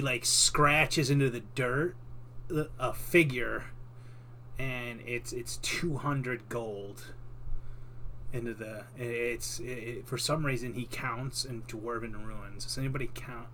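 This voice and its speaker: A man narrating a tabletop game as game master, in an unhurried, rambling way with many fillers. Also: medium pitch, bright, forceful tone, a little hiss or hum.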